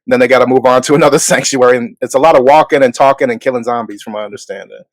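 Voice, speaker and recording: This is a man co-hosting a relaxed talk show. His voice sits at a middle pitch, and he speaks in a laid-back way with easy laughter. The recording is close and dry. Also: very fast, no room sound. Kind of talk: casual chat.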